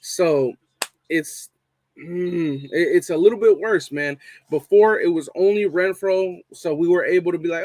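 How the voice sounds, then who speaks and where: A man's voice: fairly high pitch, measured pace, a little mellow, no room sound. A young man hosting a casual live fan stream, swearing a lot and repeating his points for emphasis. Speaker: fan show host reading live chat.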